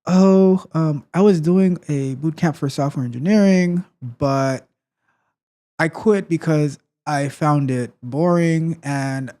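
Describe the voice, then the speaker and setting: A male host chatting casually on a live tech stream. His voice sits a little high, and he is friendly as he greets viewers in the chat. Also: slow, warm tone.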